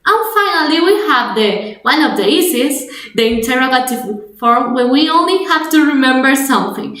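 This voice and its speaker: A young native Spanish speaker with a Spanish accent teaches an English grammar webinar, her high-pitched voice lively in intonation, a bit bright and at a moderate pace. She explains step by step, repeating and restarting, and switches into Spanish at times. The room is echoey.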